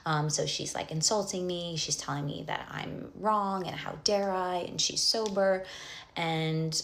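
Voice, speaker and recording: Low, gravelly young woman telling a story. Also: fairly even intonation, a little slow, fairly bright tone. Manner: rambling and breathless, full of fillers and restarts; drops into whispers for asides. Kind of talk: casual storytime.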